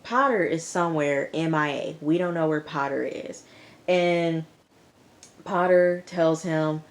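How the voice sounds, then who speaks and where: A woman vlogger recapping a TV episode in a casual, lively way, full of slang and quick asides. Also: sits low. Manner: lively retelling with slang and acted-out quotes. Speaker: TV review vlogger.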